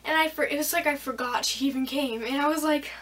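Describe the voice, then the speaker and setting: A woman's voice: high-pitched, steady tone, fast talker, a bit bright, far from the mic, poor audio. A teenage girl vlogging a casual storytime, rambling and giggly with lots of fillers.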